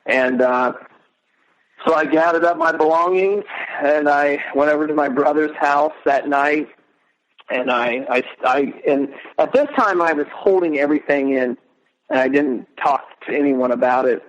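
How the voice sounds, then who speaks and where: A middle-aged man speaking as an interview guest, earnest and emotional, halting as he recounts. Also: fairly high pitch, highs cut off. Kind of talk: casual interview.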